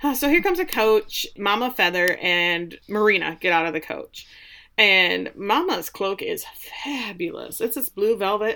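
A woman's voice: medium pitch, animated, moderate pace, a bit bright. A woman co-hosting a casual podcast, joking and laughing as she recaps a TV episode. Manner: joking, laughs often, sarcastic asides. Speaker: podcast co-host.

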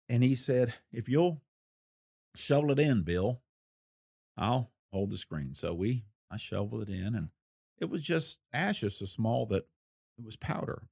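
A man's voice: lowish voice, darkish tone, no room sound, clean studio sound. Older man spinning a folksy true-crime tale. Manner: folksy, unhurried storyteller with a wry laugh. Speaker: retired federal investigator recounting a case. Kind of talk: storytelling interview.

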